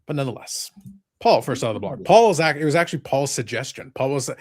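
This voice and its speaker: A man's voice: mid-range voice, lively intonation, quick pace. A man hosting a live podcast, talking casually in a rambling, sarcastic, joking way. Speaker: podcast host.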